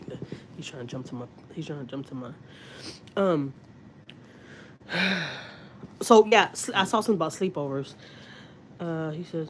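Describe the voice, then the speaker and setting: A woman's voice: deep voice, moderate pace, long pauses, a little hiss or hum, rough recording. A woman, chatting candidly and at length with viewers on a livestream from her home. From Houston, Texas. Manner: candid, rambling, confiding. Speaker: family vlogger on a livestream. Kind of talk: casual livestream chat.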